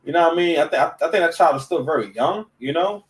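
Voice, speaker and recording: A man's voice: on the high side, quick pace, far from the mic, low-quality recording. A man giving casual reaction commentary, stammering and restarting, full of slang. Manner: stammering, slang-heavy, animated.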